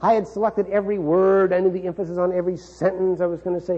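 In a dull lo-fi recording, a keynote speaker from Kansas, a middle-aged man, recounts a dramatic personal story with wry humor and plenty of chuckles as part of a motivational talk. He speaks quickly in a high-pitched, level tone.

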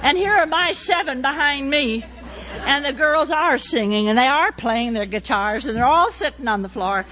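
Woman testimony speaker, animated storyteller who acts out the voices, voice on the high side. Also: moderate pace, a faint crowd, slight background noise.

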